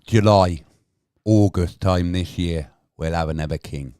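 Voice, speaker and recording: A man's voice: deep voice, a little slow, dark tone, smooth, dry recording, clean studio sound. A man, bluntly arguing with his chat on a casual livestream and swearing now and then. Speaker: livestream host.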